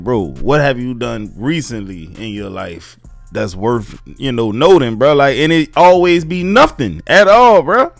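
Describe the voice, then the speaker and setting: A laid-back man reacting to clips and giving casual commentary. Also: lowish voice.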